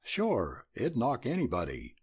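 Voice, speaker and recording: A man reading an audiobook, voicing a laconic male frontier cowboy with a cool drawl and rough frontier grammar. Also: medium pitch, huge pitch swings, unhurried, darkish tone, exaggerated voice.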